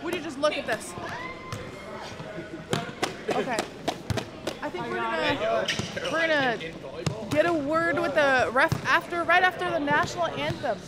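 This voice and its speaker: Sideline interviewer: woman, very high voice, playful and a bit frazzled, heavy crowd noise. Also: measured pace, pauses often. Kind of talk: live event interviewing. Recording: loud crowd noise at live event.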